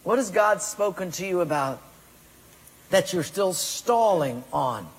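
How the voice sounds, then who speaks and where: Recorded with long hall reverb, this pastor's voice sits high and sounds husky and expressive, moving a little slowly. He preaches emphatically, voicing both people's excuses and God's commands as if quoting them.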